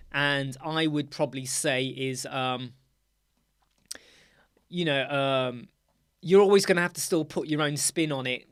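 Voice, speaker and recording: A man's voice: a little high, a bit bright, dry recording, clean studio sound. A middle-aged man with a British accent hosting a casual live chat, talking to viewers by name in a chatty, teasing way. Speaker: livestream host.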